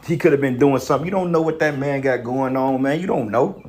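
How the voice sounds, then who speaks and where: A man's voice: medium pitch, quick pace, a little mellow. A man commentating on a video clip in an angry, profane rant, emphatic and full of restarts. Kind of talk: heated reaction rant.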